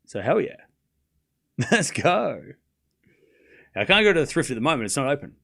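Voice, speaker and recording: A man's voice: on the high side, big pitch swings, normal speed, gravelly, bright, forceful tone. Guy streaming and chatting w his viewers, lots of laughing n sarcasm, bouncy voice that jumps all over. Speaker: streamer hosting a live watchalong. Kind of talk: casual live-stream chat, reacting to chat messages.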